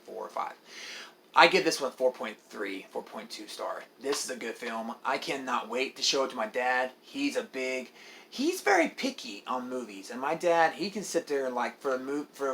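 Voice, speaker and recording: Rambling excitable young man reviewing movies. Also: medium pitch, a little hiss or hum. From Oklahoma. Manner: rambling, excitable, swears, frequent fillers. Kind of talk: casual movie review vlog.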